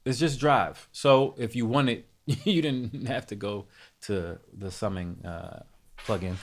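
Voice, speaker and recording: A man hosting a live music production tutorial, talking casually to his chat, thinking aloud and correcting himself as he goes. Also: fairly low pitch.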